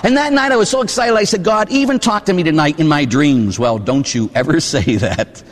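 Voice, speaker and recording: Lively male priest in a reverberant hall. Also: fairly high pitch, fairly quick. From Pittsburgh. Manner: animated, acts out voices, shouts at peaks. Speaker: Catholic priest. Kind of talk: storytelling sermon.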